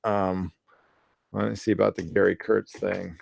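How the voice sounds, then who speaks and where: A live chat show host talks in a low, creaky, darkish voice that is slightly rough, keeping a level tone and an unhurried pace. He reads viewer comments and rambles casually, with many fillers, restarts and swear words.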